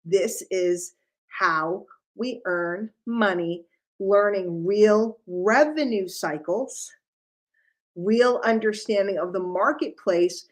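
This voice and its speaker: A middle-aged woman from New York City giving an animated business talk to her sales group, full of rhetorical questions. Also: medium pitch.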